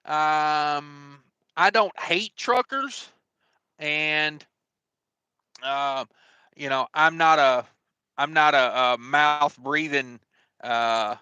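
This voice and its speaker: A man's voice: fairly high pitch, expressive, slow, long pauses, bright, forceful tone, smooth, no room sound. A man hosting a casual trucking livestream, rambling and joking with lots of fillers. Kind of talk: casual live-stream chat.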